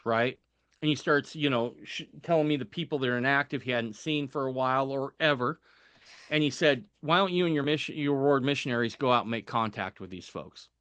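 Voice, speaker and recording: A man on a podcast telling a personal story in a casual, animated way, acting out the voices of people he quotes. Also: mid-range voice, clean tone, dry recording.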